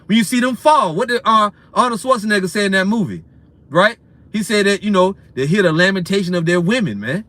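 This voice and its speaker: A man with a high voice delivers a ranting sermon. He is profane and repetitive, ends phrases with "man", and lurches between loud bursts and quieter stretches. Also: very animated, normal speed. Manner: profane, repetitive, swings in loudness and speed. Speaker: preacher.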